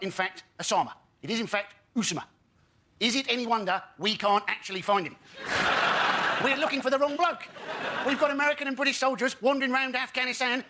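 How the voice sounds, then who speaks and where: Male comedian, chatty conspiratorial stand-up, very high voice, noisy studio. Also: sharp tone. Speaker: comedian panellist. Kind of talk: stand-up routine.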